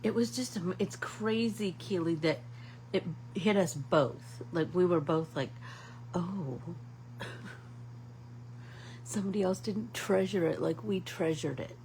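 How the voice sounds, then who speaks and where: A woman's voice: on the low side, takes it slowly, pauses often, a little mellow, a little hiss or hum, low-quality recording. A middle-aged woman hosting a casual live painting class, chatting to viewers like friends and rambling through stories. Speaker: art class host.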